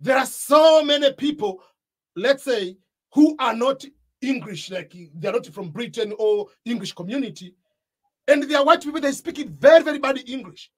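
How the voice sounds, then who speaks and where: A man's voice: very high voice, expressive, moderate pace. A man with an East African accent giving a motivational talk about starting a YouTube channel, stressing his points and repeating them. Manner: emphatic, repeats key points. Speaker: YouTube coach.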